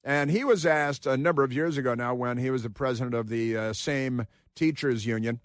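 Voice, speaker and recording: A man's voice: medium pitch, fairly quick, no room sound, studio quality. A man hosting a talk radio show, delivering an opinionated monologue with combative, sarcastic asides.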